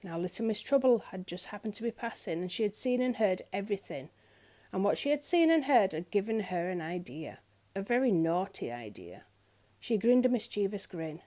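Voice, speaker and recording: A woman reading a children's picture book aloud in an expressive storyteller's manner. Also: mid-range voice, moderate pace. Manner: expressive, lilting.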